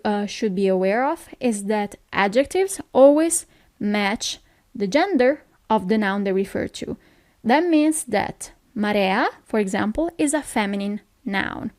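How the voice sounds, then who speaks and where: Slow, patient Italian-accented woman teacher. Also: medium pitch, a little mellow, no room sound, studio quality. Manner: patient explaining, often checks with "okay?". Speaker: language teacher. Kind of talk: recorded language lesson.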